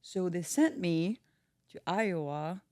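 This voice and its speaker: A woman's voice: on the low side, slow, darkish tone, no room sound, studio quality. A woman from France in her thirties with a French accent, chatting casually as a podcast guest and filling her talk with "like.". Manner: chatty, many fillers like "like". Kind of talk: casual chat.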